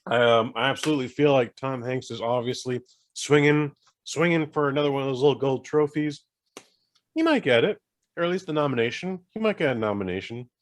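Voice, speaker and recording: Male podcast co-host, mid pitch, chatty and rambling, casual film talk. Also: fairly quick. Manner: rambling, animated storytelling with fillers. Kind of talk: casual chat.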